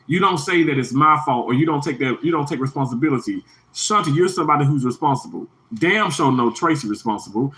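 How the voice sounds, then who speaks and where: A man's voice: lively intonation, fast, sharp tone, low-quality recording. A man hosting an emotional livestream, talking in a heartfelt, rambling way to his viewers. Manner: heartfelt, rambling, repeats himself, pitch jumps high when emphatic. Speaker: livestream host.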